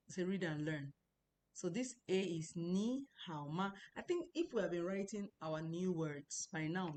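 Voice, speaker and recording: A woman's voice: deep voice, a little mellow, slight background noise. A woman teaching an online language class, patiently repeating words and tones many times over, explaining as she goes. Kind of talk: online lesson. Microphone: computer mic, speaking to a screen.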